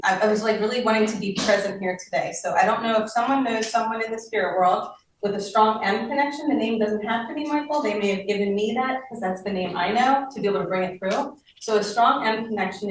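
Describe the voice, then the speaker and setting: A woman medium leading a live group session, speaking gently and tentatively, often trailing off and checking in with her listeners. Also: a little high. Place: community gathering room. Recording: echoey room recorded from far off with faint noise.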